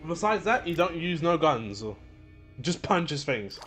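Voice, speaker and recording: A man's voice: a little high, big pitch swings, slow, fairly bright tone, faint music behind. Chatty, laughing game streamer man. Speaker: gameplay streamer. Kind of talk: casual let's-play commentary.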